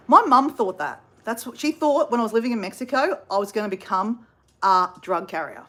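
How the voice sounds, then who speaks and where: Lively, chatty Australian woman in her fifties. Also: mid-range voice, brisk. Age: 50s. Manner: chatty, animated, asides to viewers. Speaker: storyteller. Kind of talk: casual travel storytelling.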